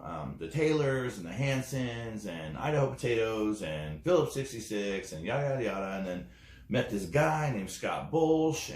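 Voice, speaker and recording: Guy telling his story in a casual way, lots of ums, deep voice, roomy echo. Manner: rambling, many fillers, acts out quoted dialogue. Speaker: network marketing distributor.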